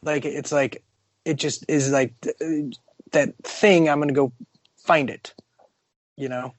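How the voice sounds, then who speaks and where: A man's voice: a little high, fairly even intonation, slow pace, no room sound. A man co-hosting a casual comic-book podcast, rambling and joking with many restarts. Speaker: podcast co-host.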